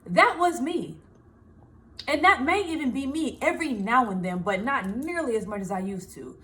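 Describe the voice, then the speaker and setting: Woman, high voice, casual vlog talk, lively and laughing, plays out her inner thoughts. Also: moderate pace. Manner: animated, laughing, acts out her own inner voice. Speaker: small business owner and vlogger. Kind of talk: casual self-help talk to camera.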